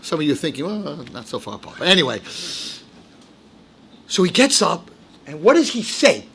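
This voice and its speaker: A man giving a sermon as a rabbi, animated, dropping into low asides and rising into shouted, acted-out quotes. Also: normal speed, gravelly, breathy edge. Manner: animated, swings from low asides to shouted high-pitched outbursts, acts out quotes. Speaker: rabbi giving a Torah lecture.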